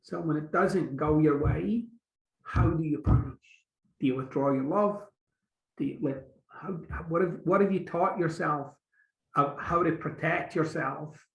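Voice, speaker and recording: A Scottish man with a fairly high, gravelly voice talks as a guest in an echoey room. He speaks casually and animatedly, slipping into short acted-out quotes. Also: measured pace, muffled recording. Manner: animated, acts out little quotes. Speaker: author and guest. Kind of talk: casual conversation.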